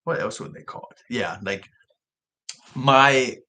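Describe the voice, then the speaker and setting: A young man whose R's come out soft, like W's, chatting casually on a livestream vlog with frequent restarts. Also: mid-range voice, slow. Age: young adult. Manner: rambling, self-correcting talk with frequent restarts. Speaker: livestream vlogger.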